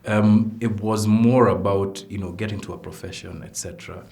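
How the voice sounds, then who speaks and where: Very deep-voiced Kenyan man interviewing. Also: fairly even intonation, moderate pace, vocal fry, a little mellow. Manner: playful, drops Swahili phrases, thoughtful. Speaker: interviewer host. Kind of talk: conversational interview.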